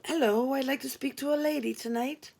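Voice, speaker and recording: A woman's voice: high-pitched, fairly even intonation, fairly quick, vocal fry, a little mellow. A woman voicing a brash, crude middle-aged male caller who talks bluntly.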